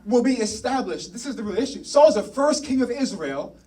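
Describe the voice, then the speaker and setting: A male pastor preaches in a church, retelling a story with lively, joking asides to the congregation. His voice runs high and is picked up from some distance away. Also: a little fast. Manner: animated storytelling, playful asides. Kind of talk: sermon. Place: church sanctuary.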